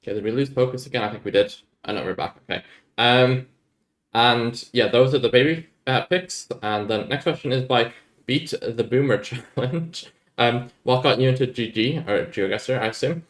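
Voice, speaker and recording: A man's voice: mid-range voice, normal speed. A young man chatting casually through viewer questions, rambling and laid-back, easily amused. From Ireland. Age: young adult. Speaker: YouTuber answering viewer questions. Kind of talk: casual Q&A chat. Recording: echoey room.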